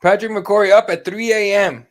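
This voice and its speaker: Male co-host from Arizona, easygoing and agreeable, slightly high voice, laughs a lot. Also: steady tone, normal speed. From Arizona, USA. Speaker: podcast co-host reading live chat. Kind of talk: casual podcast chat.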